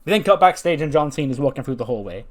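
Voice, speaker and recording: A man's voice: mid-range voice, animated, fast talker. A man casually narrating a wrestling simulation playthrough like a story, with a chatty, filler-heavy delivery. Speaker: gaming creator.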